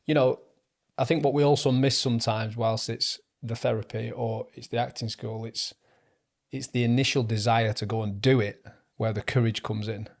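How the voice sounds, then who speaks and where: A man's voice: medium pitch, steady tone, normal speed. A man hosting an interview, reflecting on what his guest says and affirming it. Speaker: host. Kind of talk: casual interview conversation.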